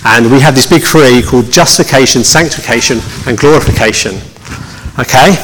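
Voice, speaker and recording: A man's voice: medium pitch, a little fast, fairly bright tone, a little hiss or hum. Chatty male pastor in a reverberant hall. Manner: chatty, joking, with many restarts. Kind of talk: conversational sermon. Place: church hall.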